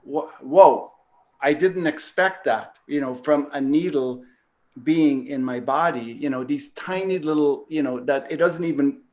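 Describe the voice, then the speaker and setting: A man's voice: a little high, normal speed, lo-fi sound. A man hosting a talk show, casually telling a personal story, rambling with lots of fillers and the odd swear word. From Canada. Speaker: podcast host.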